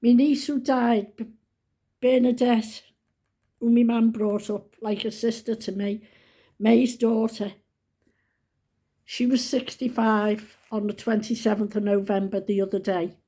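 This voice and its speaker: An older woman in her seventies talks straight to her viewers in a loose, rambling vlog chat. Her voice is mellow and husky, and she keeps turning to fondly address her followers. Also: fairly high pitch, little pitch movement, a little slow, long pauses. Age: 70s. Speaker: vlogger. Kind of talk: casual chat to camera.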